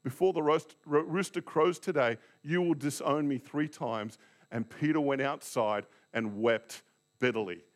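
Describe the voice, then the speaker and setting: Male Baptist pastor, lively dramatic storytelling sermon. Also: fairly high pitch, measured pace. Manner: dramatic storytelling preacher, acts out scenes.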